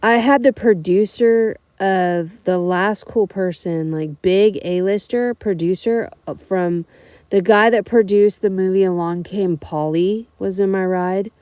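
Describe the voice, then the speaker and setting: A young adult woman from California, a rideshare driver, telling profane, animated stories on a casual livestream. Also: mid-range voice, a little slow, smooth, no room sound. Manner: blunt, profane, animated storytelling.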